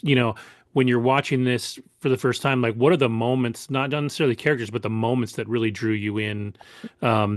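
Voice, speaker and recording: A man hosting a podcast, asking a guest questions in a relaxed, loose way with fillers. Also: mid-range voice, no room sound, clean studio sound. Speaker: podcast host. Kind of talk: casual interview chat.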